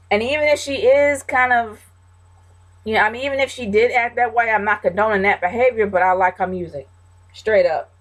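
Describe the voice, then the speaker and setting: Woman, casual vlog host, blunt and emphatic opinions. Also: medium pitch.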